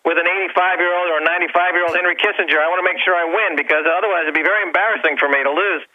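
A man's voice: high-pitched, steady tone, rapid-fire. A man calling in as a guest on a talk show, speaking in a fiery, bombastic, provocative way over the phone. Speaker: guest financial commentator. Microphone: telephone. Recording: muffled phone line.

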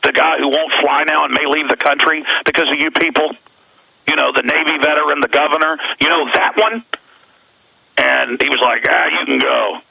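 Gravelly, forceful Texan talk radio man. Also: on the high side, steady tone, moderate pace, no echo, poor audio. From Texas. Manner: rambling, emphatic storytelling with frequent restarts. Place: on the road, away from the studio. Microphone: phone.

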